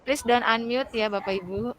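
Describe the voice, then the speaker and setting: A woman, opening an online class over a video call, brisk and cheerful with chants and prompts. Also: fairly high pitch, a little hiss or hum. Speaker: teacher trainee leading the session.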